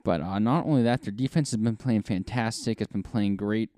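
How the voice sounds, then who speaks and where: A man's voice: lowish voice, fairly quick, warm tone, dry recording, studio quality. A man co-hosting a casual sports podcast, rambling with lots of fillers and restarts. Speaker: podcast co-host.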